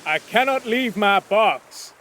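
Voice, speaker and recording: A man's voice: high-pitched, expressive, slow, bright, forceful tone, a little hiss or hum, pitched above the performer's own voice, full character voice. A man doing a desperate, half-mad man. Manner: desperate, stubborn pleading. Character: frightened, half-mad man clinging to his box.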